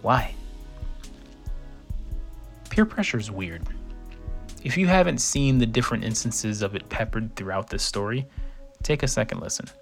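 A man's voice: fairly low pitch, animated, moderate pace, pauses often, faint music behind. A young man telling a first-person story in a casual, conversational way, acting out quoted lines.

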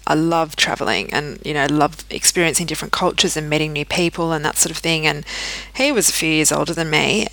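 A woman's voice: low-pitched, a bit bright, no room sound, rough recording. A woman, hosting a podcast and candidly telling her own story, often restarting her sentences. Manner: candid, frequent restarts and fillers. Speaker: podcast host. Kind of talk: personal storytelling.

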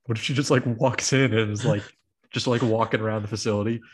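A man's voice: lowish voice, steady tone, quick pace, breathy edge. A man hosting a podcast, telling a long story in casual chat, with lots of filler words and quoted dialogue. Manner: rambling storytelling full of "like" and acted quotes. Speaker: podcast host.

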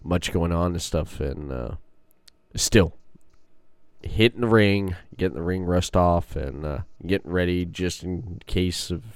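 A man's voice: low voice, a little slow, clean tone, no echo. A man hosting a podcast, telling rambling stories in casual chat and laughing often. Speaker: podcast host.

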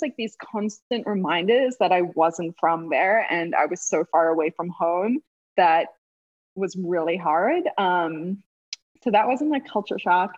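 A woman's voice: lowish voice, measured pace. Chatty South African woman, slightly muffled. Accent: South African, now with a Southern US twang. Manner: chatty, laughs often, many "like" fillers. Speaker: interview guest, former college runner. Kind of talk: casual interview chat.

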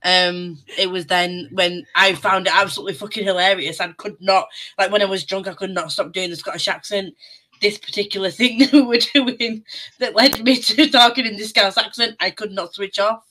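A woman from the UK co-hosting a podcast, chatting in a lively way and swearing casually. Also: mid-range voice, normal speed, low-quality recording. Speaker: podcast co-host. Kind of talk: casual chat.

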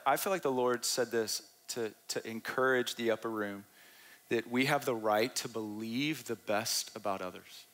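A male pastor preaching in an earnest, conversational way, often repeating a phrase to drive it home. His voice sits at an ordinary middle pitch for a man. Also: fairly bright tone. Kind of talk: sermon. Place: church stage.

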